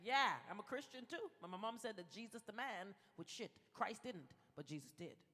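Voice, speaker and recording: At a gala in a large event hall, a woman gives a playful motivational speech and leads the audience through spoken mantras. Her mid-range voice has lively intonation and a normal speed, and the echoey hall has music in the background.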